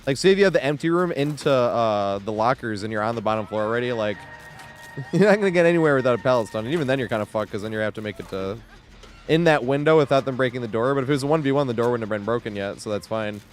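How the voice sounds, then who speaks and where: A man's voice: mid-range voice, expressive, fast, faint music behind. A young man streaming a game, chatting casually with frequent swearing and laughter. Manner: rambling, swears a lot, laughs often. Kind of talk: casual live-stream chat.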